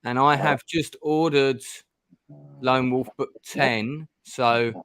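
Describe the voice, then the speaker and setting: A middle-aged host plays a gamebook on stream, keeping the chat casual and meandering, with many ums and restarts. He speaks slowly in a steady, medium-pitched voice that is fairly bright, clear and resonant, with no room sound.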